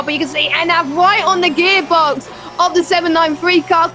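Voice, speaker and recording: A woman co-commentating an online sim race, chatty and full of fillers, getting excited in close battles. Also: very high-pitched.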